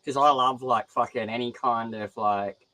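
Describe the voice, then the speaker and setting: A man's voice: medium pitch, moderate pace, poor audio. A young Australian man chatting casually about crafts, rambling and swearing freely. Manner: profane, rambling, animated. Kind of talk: casual chat.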